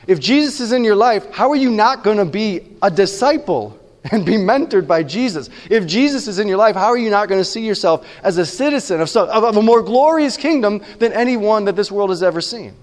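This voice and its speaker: A pastor giving a conversational sermon, often checking in with the room with quick questions. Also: male voice, sits high, animated, big-room sound.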